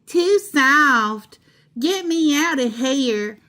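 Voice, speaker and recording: A woman voicing a bratty, rough little girl in a read-aloud storybook, huffy and drawling. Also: high voice, extremely slow, pushed and bright, voice pushed up, full character voice.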